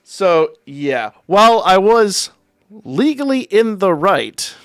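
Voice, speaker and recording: A man's voice: high-pitched, big pitch swings, slow pace, dry recording, studio quality. A man hosting a livestream, telling a story in a wry, profane, casual way. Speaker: livestream host.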